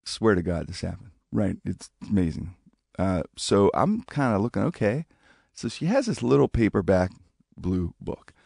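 A man casually telling a personal story, animated, acting out the voices of people he quotes. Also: moderate pace, gravelly, slightly rough, no echo, clean studio sound. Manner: animated, acts out quoted speech with big pitch jumps.

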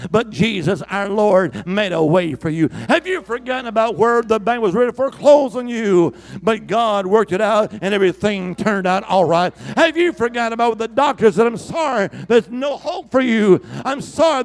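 A man preaching a sermon as pastor, calling out to the congregation, swinging from shouts to hushed whispers. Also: sits high, creaky.

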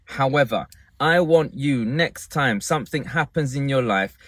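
A man's voice: medium pitch, expressive, measured pace, no room sound, clean studio sound. A man giving a motivational talk, guiding listeners through an exercise with emphatic, repeated instructions. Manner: emphatic, directive, repeats phrases. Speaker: public speaking coach.

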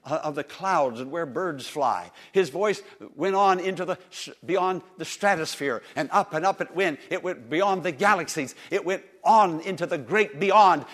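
A man's voice: on the high side, normal speed, hardly any pauses, fairly bright tone. A man preaching a sermon with passion, calling on the listeners to answer him, his delivery swelling and dropping. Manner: impassioned, rising and falling, calls on listeners to answer.

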